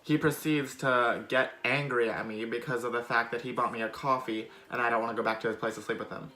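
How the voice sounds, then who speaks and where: A man's voice: medium pitch, fairly even intonation, a little fast, hardly any pauses, sharp tone. A young man telling a storytime vlog in a casual, sarcastic way, full of fillers. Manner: chatty, filler-heavy, sarcastic. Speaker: vlogger.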